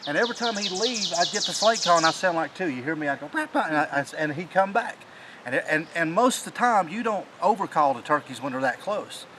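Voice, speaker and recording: A man, excitedly telling the story of a hunt in a casual chat outdoors in the mountain woods, rambling and restarting his sentences. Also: fairly high pitch, a little fast, noisy background. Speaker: hunting channel host.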